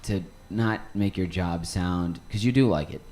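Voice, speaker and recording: A man's voice: low-pitched, a little slow. A man hosting a casual podcast conversation, talking in a loose, affirming way with lots of "like". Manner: animated, filler-heavy, affirming. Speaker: podcast host.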